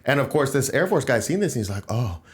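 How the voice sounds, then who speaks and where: A man's voice: medium pitch, big pitch swings, quick pace. A man hosting a casual political podcast, talking in an emphatic, rambling way. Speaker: podcast host.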